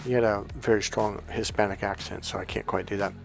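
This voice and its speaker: A man's voice: fairly low pitch, fairly even intonation, a little fast, gravelly, soft background music. A man, a life coach, telling a story to his viewers in a rambling, chatty way full of fillers and restarts. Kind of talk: casual storytelling monologue to viewers.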